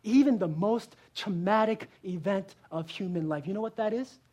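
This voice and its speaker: A woman pastor giving a sermon, earnest, asking rhetorical questions and moving between strong emphasis and quiet, hushed lines. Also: medium pitch, normal speed.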